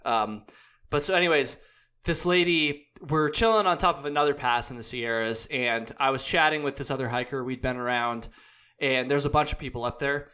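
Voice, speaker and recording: A man's voice: mid-range voice, bright, forceful tone, smooth. A young man telling a long hiking story in a loose, rambling way, full of "like"s, restarts and casual swearing. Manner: rambling, many "like"s and restarts, laid-back swearing. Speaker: hiker and podcast guest.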